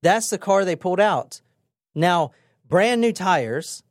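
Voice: medium pitch, slow, no room sound, studio quality. A podcast co-host retelling a true crime case in a casual, dramatic way, with frequent swearing. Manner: animated, profane, dramatic retelling.

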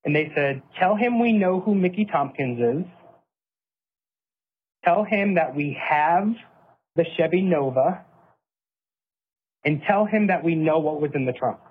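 A man's voice: a little high, animated, measured pace, long pauses, breathy edge. A man earnestly recounting a personal story, often quoting what he and others said. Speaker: interviewee recounting events. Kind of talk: personal account, clip played on a podcast. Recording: tinny phone-like audio.

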